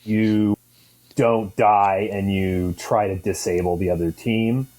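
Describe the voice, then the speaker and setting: Low, mellow man thinking aloud. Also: steady tone, slow. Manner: hedging, thinks aloud with fillers. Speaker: guest player. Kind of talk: casual chat about a game.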